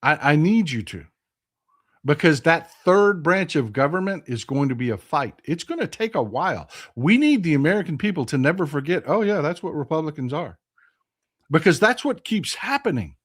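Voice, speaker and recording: A man's voice: fairly high pitch, very animated, normal speed, husky. A man with a Texan accent hosting a political commentary vlog, speaking in an impassioned, blunt and profane way and repeating phrases for emphasis. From Texas. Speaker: host.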